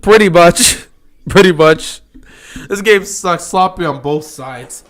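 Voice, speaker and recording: A man chats loosely through a live football stream, reacting to plays and poking fun at fans. His voice sits high for a man and rings bright and forward. He slips into whiny put-on voices to mock others. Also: slow pace. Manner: animated, mocking with high whiny impressions of upset fans.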